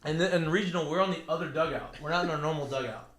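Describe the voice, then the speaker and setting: A man's voice: on the high side, rapid-fire, roomy sound. A young man telling baseball stories in casual chat, swearing freely and acting out what others said. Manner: animated, swears freely, acts out quotes. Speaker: former college baseball player, podcast guest.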